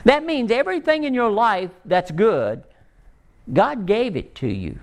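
A man preaching a sermon, rising and pleading at times, then dropping low and soft to tell a story. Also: sing-song, a little slow. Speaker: pastor.

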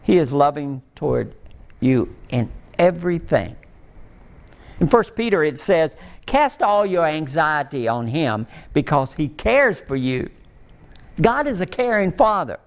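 A man preaching a sermon, rising and pleading at times, then dropping low and soft to tell a story. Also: very animated, measured pace. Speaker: pastor.

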